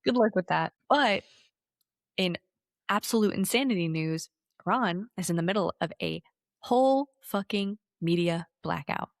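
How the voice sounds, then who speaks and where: A woman in her thirties co-hosting a podcast, talking politics in a sarcastic, animated way with some swearing. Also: mid-range voice, moderate pace, no room sound, clean studio sound. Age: 30s. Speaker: podcast co-host. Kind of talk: casual political chat.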